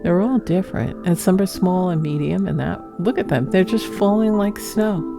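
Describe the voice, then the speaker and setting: A woman's voice: fairly low pitch, moderate pace, gravelly, over music. A woman narrating her own home footage in a chatty, rambling way, laughing now and then. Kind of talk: casual voice-over narration.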